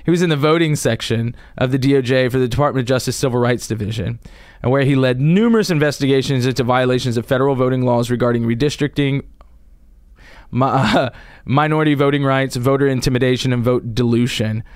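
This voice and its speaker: Presenting a topic on his casual political commentary show, a man speaks in a medium-pitched voice, rambling with many restarts and frequent chuckles. The recording is clean studio quality without echo.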